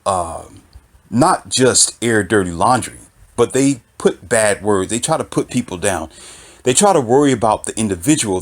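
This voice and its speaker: A man delivering an impassioned opinion monologue, emphatic and repetitive, almost preaching. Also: on the low side. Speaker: author and commentator.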